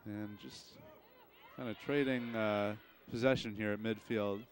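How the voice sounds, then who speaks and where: A young man announcing a high school soccer game, calling the plays live in a steady commentary. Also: measured pace, slight background noise. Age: young adult. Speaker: play-by-play announcer. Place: outdoor soccer field.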